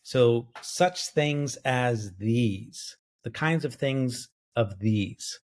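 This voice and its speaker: A man's voice: mid-range voice, extremely slow. A man co-hosting a Bible study podcast, lecturing on Greek grammar and thinking aloud with frequent fillers and self-corrections. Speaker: biblical scholar co-host. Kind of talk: academic bible study discussion.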